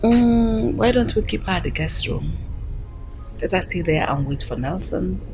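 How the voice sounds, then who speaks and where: A gentle mother, gravelly voice. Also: on the low side, lively intonation, measured pace. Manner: gently suggesting. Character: mother of the household, mild and reasonable. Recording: clear background music.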